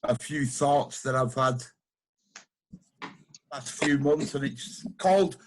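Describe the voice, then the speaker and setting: A man's voice: mid-range voice, slow pace, slight background noise. A man at an open mic reading his own rhyming poem over a video call, earnest and rhythmic. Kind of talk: poetry reading.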